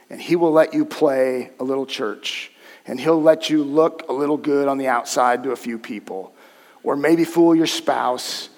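A man preaching a sermon as pastor, direct and conversational with his congregation, swinging between hushed and loud emphasis. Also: mid-range voice, long reverb tail. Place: church sanctuary.

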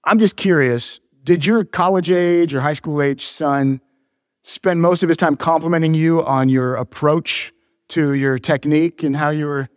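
A man's voice: a little high, unhurried, no echo, studio quality, in a large hall. A pastor in his forties, preaching a sermon in a church, mixing joking teases with earnest preaching. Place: church sanctuary.

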